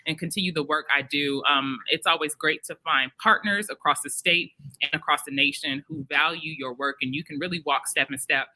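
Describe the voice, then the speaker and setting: A woman from Detroit hosting a live podcast at an expo, chatty and animated, laughing often and breaking into snippets of song. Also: low voice, fairly quick, rough recording. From Detroit, Michigan. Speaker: podcast host. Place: expo venue.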